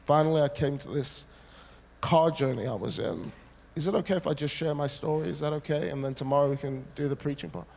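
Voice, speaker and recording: A man preaching a sermon, telling a personal story with dramatic, animated delivery. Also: fairly high pitch, a little fast, gravelly.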